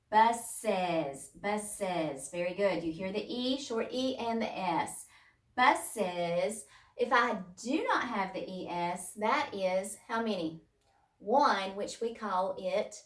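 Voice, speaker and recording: A woman teaches young children phonics at a slow, patient pace, sounding out words piece by piece. Her voice is heard from a distance in a roomy space. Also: medium pitch. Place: home room, distance learning.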